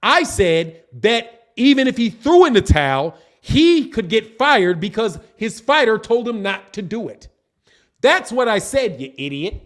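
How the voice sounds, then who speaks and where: A man's voice: sits high, big pitch swings, a little slow, a bit bright. A man hosting a boxing channel livestream, answering the chat in a combative, repetitive way. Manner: combative, repetitive, insults critics.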